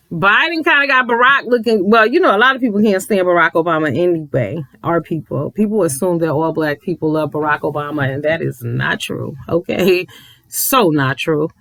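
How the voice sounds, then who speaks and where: A man's voice: a little high, animated, normal speed, pushed and bright, no room sound, poor audio. A man ranting to viewers from home late at night, emphatic and preachy, cursing and repeating himself for effect. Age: adult with a child. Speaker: commentary vlogger.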